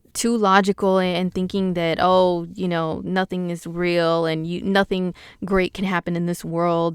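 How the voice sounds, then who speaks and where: A woman's voice: on the low side, clear, resonant tone, no room sound, clean studio sound. A woman astrologer giving a casual weekly horoscope forecast, chatty and slangy, with lots of fillers, talking straight to her viewers. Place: home in the US Pacific time zone.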